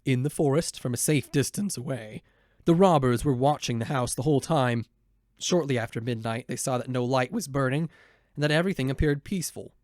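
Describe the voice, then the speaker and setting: A man reading a children's storybook aloud in an expressive, animated way. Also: medium pitch, a little fast, no room sound, studio quality. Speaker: storybook narrator. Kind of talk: scripted storybook narration.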